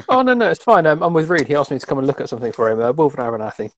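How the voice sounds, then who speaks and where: A man's voice: medium pitch, lively intonation, rapid-fire, muffled recording, a little hiss or hum. A man playing a tabletop game, joking and flustered in casual talk. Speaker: player.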